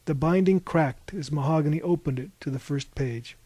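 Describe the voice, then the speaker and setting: A male narrator reading a novel aloud at an even, wry pace, his voice set slightly high for a man. The recording is close and dry, with no trace of room sound. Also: normal speed, few pauses, slightly rough, dry recording.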